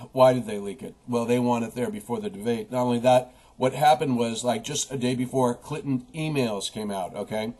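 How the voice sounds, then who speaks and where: A political commentator with a husky, darkish, mid-range voice delivers an impassioned rant. He preaches straight at his audience and quotes scripture along the way.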